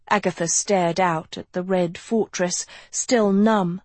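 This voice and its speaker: A woman narrating an audiobook in a measured, even storytelling manner. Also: medium pitch, no echo. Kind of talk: scripted narration.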